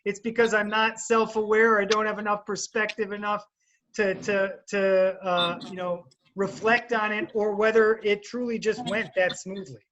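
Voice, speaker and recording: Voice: mid-range voice, flat delivery, moderate pace, a bit bright, dull audio, a little hiss or hum. A teacher on a video call speaking casually and hesitantly with many fillers. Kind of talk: casual discussion.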